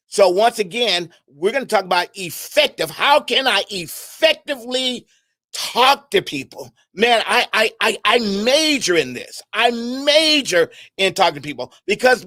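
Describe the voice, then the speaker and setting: This middle-aged man has a high, light voice and a lively, preaching delivery, firing rhetorical questions and circling back over his own phrases. The recording is close and dry, with no room sound around him. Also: normal speed, no room sound. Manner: animated, conversational, asks the audience questions; repeats words and restarts often. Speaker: speaker on an internet radio talk show. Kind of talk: preaching-style talk on communication.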